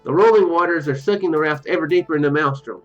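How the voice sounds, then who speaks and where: Fast and a little high-pitched, this let's play gamer reads the on-screen text of a text adventure aloud. He keeps restarting, jokes on the side and laughs easily; faint game music sits under a dull, muffled recording.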